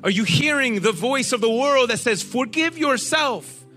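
A man preaching a sermon to a group, animated and often asking them questions. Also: extremely high pitch, moderate pace, soft background music.

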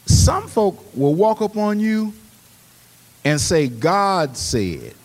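Man, pastor, sermon, high-pitched, very animated delivery, long church reverb. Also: takes it slowly. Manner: preaching, swings from hushed storytelling to loud exhortation.

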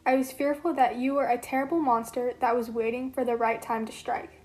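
A woman's voice: fairly high pitch, steady tone, fairly quick, darkish tone, natural voice. A woman voicing Psyche, a young mortal woman, in an amateur read-aloud role-play, reading her lines earnestly.

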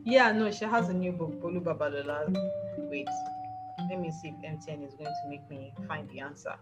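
A woman's voice: low voice, a little fast, dull audio, loud music behind the voice. A woman from Nigeria co-hosting a podcast, chatting casually and animatedly about books, laughing often and repeating words for emphasis. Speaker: podcast co-host.

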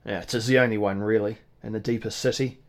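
A man's voice: on the low side, fairly even intonation, brisk, natural voice. A man voicing a huge, surly Irish tavern keeper who speaks bluntly in an Irish accent. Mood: gruff.

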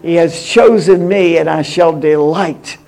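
A woman minister preaching in a prophetic style, fervent and bursting into shouted praise. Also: fairly low pitch, measured pace, low-quality recording. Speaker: guest minister.

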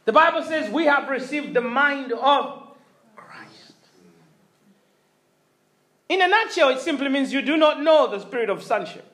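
A man's voice: very high-pitched, expressive, fairly quick, pushed and bright, recorded from a distance. A man preaching a sermon, emphatic, repeating his phrases and calling out to the congregation for response. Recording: echoey room.

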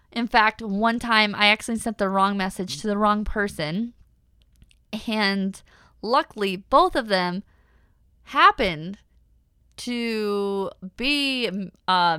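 A woman's voice: mid-range voice, sharp tone, clean tone, no room sound, studio quality. A young woman hosting a personal podcast, talking candidly and animatedly with many fillers. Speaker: podcast host.

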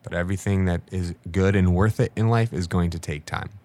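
A man's voice: deep voice, steady tone, fairly quick, mellow, no echo. A man in his late twenties talking casually and reflectively, telling stories with many fillers. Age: late 20s. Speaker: guest. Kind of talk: casual conversation.

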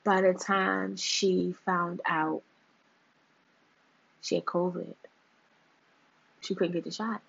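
A woman's voice: mid-range voice, gravelly, husky, muffled recording. A woman hosting her own show in a casual monologue, emphatic and fond of repeating her points for effect.

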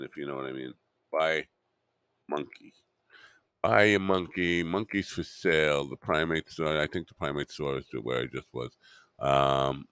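A man's voice: extremely low pitch, a bit bright, clear, resonant tone, no room sound, clean studio sound. A man hosting a podcast alone, rambling and muttering to himself with wry asides. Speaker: podcast host.

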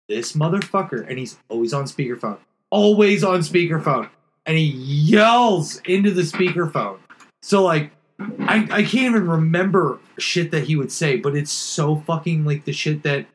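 A man's voice: on the high side, poor audio. A man in casual podcast chat, ranting bluntly and with lots of swearing. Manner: blunt, swearing complaints in a quick ranting flow.

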